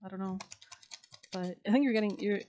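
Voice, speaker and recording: Mellow-voiced woman reading tarot casually. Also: medium pitch, a little fast, slight background noise. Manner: chatty, slangy, laughs often, many fillers. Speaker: tarot reader.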